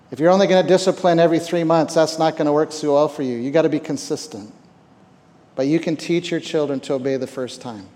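A man's voice: fairly high pitch, dark tone. Man preaching in an echoing hall. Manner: conversational preaching with repeated words and rhetorical questions. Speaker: camp speaker. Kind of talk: sermon. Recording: reverberant hall.

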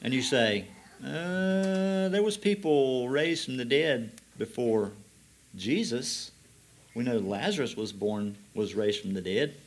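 A man delivering a sermon in a mid-range voice. He reads scripture slowly and deliberately, then explains it with rising emphasis. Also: medium pitch, animated. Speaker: preacher.

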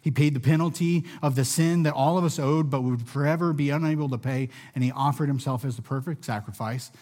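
Before a gathered audience in a room, a man with a mid-range voice preaches a sermon in an earnest, measured way, his voice often dropping softly at the ends of phrases.

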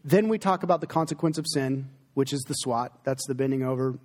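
A man's voice: medium pitch, brisk, darkish tone. A middle-aged male pastor taking questions from his congregation in a church sanctuary, earnest and conversational, turning emotional at times. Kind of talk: sermon Q&A with congregation. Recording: long hall reverb.

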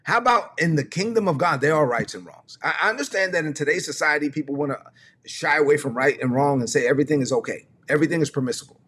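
A man's voice: on the high side, fast, fairly bright tone, breathy edge. A man preaching a livestreamed teaching sermon, emphatic and conversational, repeating his key phrases.

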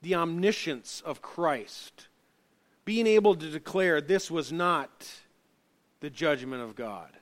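A middle-aged male pastor delivers a sermon in a somewhat raised voice. He presses his key points hard and loud, then drops into hushed, low asides. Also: expressive, slow. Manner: emphatic, rising and dropping between loud stresses and quiet asides.

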